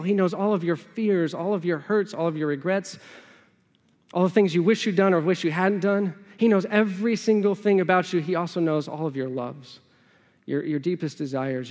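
A man preaches a sermon in a chatty, conversational tone, slipping into the imagined voices of his listeners. His voice sits high for a man. A long reverb trails behind him as if in a large hall. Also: a little mellow. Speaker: pastor.

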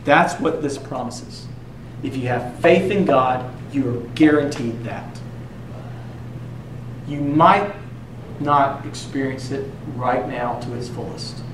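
A man preaching a sermon in a conversational way, mixing joking asides with slow, emphatic lines. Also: medium pitch, background noise. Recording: roomy echo, distant mic, faint ambience.

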